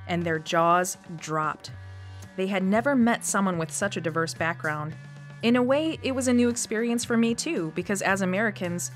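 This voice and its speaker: A woman's voice: lowish voice, a bit bright. A woman in her forties with a Wisconsin accent, reading her own personal essay in a reflective storytelling manner for radio. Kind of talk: scripted personal essay narration.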